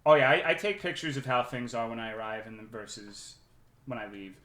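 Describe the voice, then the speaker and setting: A man streaming live, telling a work story in a profane, animated and sarcastic way. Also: mid-range voice, a little fast, reverberant. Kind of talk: casual livestream storytelling.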